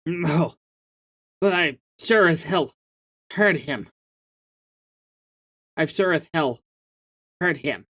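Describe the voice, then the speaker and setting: A man voicing a blunt, gloomy young male alien troll who has just gone blind, in a low, flat, quiet voice. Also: drawn-out words, pauses often, heavily acted. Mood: deadpan. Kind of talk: dramatic reading of a webcomic.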